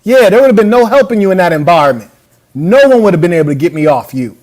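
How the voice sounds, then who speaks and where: Brash, high-voiced man mocking a clip. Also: lively intonation, quick pace, darkish tone. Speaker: podcast host reacting to a clip. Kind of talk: casual reaction commentary. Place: hotel suite abroad. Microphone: camera mic.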